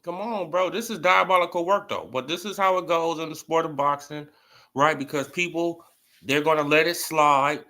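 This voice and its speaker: Emphatic high-voiced man ranting about boxing. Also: moderate pace, sharp tone. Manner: emphatic, repetitive, slangy. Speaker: boxing commentary vlogger. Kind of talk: casual boxing commentary.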